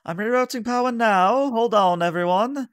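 A man's voice: very high voice, normal speed, clean tone, no room sound, studio quality, pitched above the performer's own voice. A man voicing a nervous, dutiful starship crew officer who reports to the captain in a raised voice. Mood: urgent.

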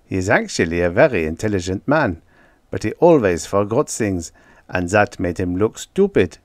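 A man doing an excited German physicist. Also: lowish voice, moderate pace, no room sound, clean studio sound. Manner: eager, explaining. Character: excitable middle-aged male German physicist.

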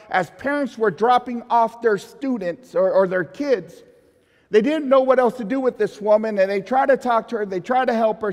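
High-voiced pastor preaching in a reverberant church. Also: male voice. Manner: storytelling, rhetorical questions to congregation. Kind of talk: sermon with storytelling.

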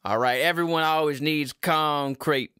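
A man's voice: a little high, steady tone, unhurried, bright, forceful tone, smooth, dry recording, studio quality. A man voicing a stern old-fashioned father who scolds bluntly with folksy rural phrasing. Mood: gruff.

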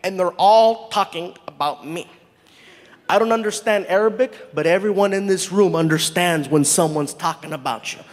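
A man telling a stand-up story in an animated way, acting out the people in it. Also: high-pitched, moderate pace, in a large hall. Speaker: stand-up comedian.

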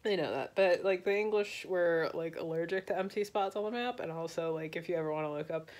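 A woman's voice: fairly low pitch, brisk, a little mellow. A tipsy woman telling a history story in a rambling, slangy, loose way. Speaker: vlogger.

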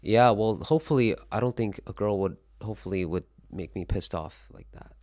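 This livestream host, a young Korean man, speaks a little fast in a lowish voice. His casual solo show is all rambling, joking and free swearing as he animatedly responds to chat.

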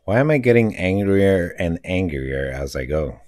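A man streaming a retro driving game, excitably talking to the game and getting frustrated as he plays. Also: sits low, moderate pace. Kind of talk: live gameplay commentary. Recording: noisy with game car sounds.

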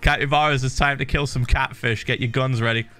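A man's voice: medium pitch, steady tone, brisk, very noisy. A man streaming a game in casual chat, playful and laughing often, tossing in little sound effects.

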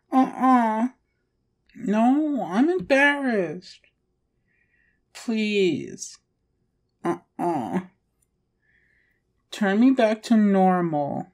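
A woman's voice: mid-range voice, darkish tone. Pouty, whiny woman in audio role-play.

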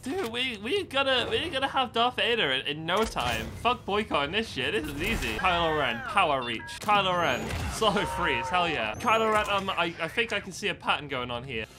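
A high-pitched man talks over his gameplay in a loose, excitable way, swearing and shouting at the game. His voice jumps all over the place, and game music plays underneath him. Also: normal speed, hardly any pauses. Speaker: gaming video host. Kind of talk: casual gameplay commentary.

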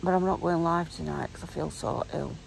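A woman in her forties chats to her vlog audience in a croaky, gravelly voice, her throat sore and her tone tearful. She rambles along with plenty of fillers, and a faint hiss of noise sits behind her. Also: low voice, brisk, poor audio. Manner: rambling, chatty, filler-heavy. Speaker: vlogger. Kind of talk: casual vlog chat.

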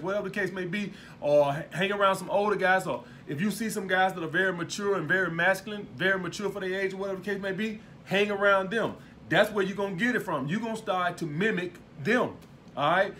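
A man's voice: high voice, bright, forceful tone, a little hiss or hum. A man coaching viewers in a casual monologue, talking bluntly with plenty of swearing and asking "all right?" again and again. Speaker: dating and lifestyle coach.

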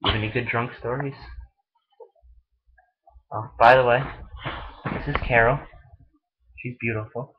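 Husky, profane young man. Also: medium pitch, fairly even intonation, unhurried, long pauses. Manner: rambling, profane, laughing a lot. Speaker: vlogger. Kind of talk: casual storytelling vlog. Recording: dull lo-fi webcam recording.

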